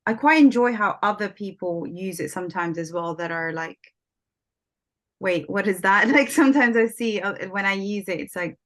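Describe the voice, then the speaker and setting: Hesitant, soft-spoken woman guest. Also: mid-range voice, animated, fairly quick, few pauses. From lives in London. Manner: hesitant, many ums and restarts, laughing softly. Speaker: guest, English teacher. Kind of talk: casual interview chat.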